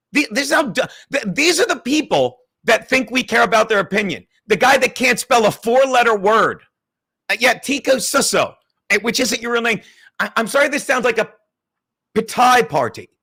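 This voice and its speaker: A man's voice: high-pitched, bright, forceful tone. A middle-aged man hosting a livestream, ranting profanely and reading out viewer chats. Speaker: livestream host.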